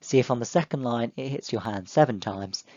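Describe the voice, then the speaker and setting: Young male teacher, dry close mic, mid pitch, clear and encouraging with children. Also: a little fast, darkish tone, dry recording, muffled recording. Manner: clear, encouraging, speaks to pupils directly. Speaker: primary school teacher. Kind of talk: online lesson for children.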